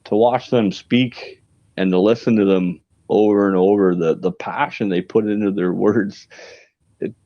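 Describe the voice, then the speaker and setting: A man's voice: fairly low pitch, steady tone, unhurried, mellow. A man from Canada and the American South in casual podcast chat, laid-back and swearing freely, laughing often. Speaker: podcast host. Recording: dull lo-fi sound.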